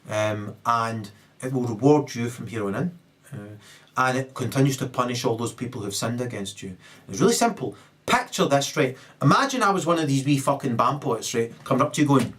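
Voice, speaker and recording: A man rants in a long monologue, profane and emphatic. He stops and restarts his sentences often, and his voice sits at an ordinary mid pitch. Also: lively intonation, moderate pace, fairly bright tone. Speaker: comedic commentator.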